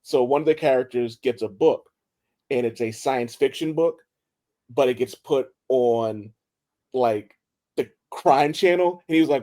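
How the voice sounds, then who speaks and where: A man co-hosting a podcast who tells stories with lots of energy. He jumps into the characters' lines as he goes and swears freely. His voice sits at an everyday middle pitch. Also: unhurried. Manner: excitable storyteller, acts out quotes, swears freely. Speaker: podcast co-host. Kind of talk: casual chat.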